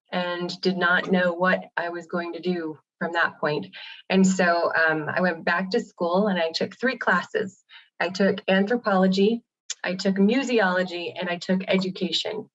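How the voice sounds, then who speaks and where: Matter-of-fact woman on lo-fi audio. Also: lowish voice. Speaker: high school art teacher, panel guest. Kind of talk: casual panel chat. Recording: dull lo-fi audio.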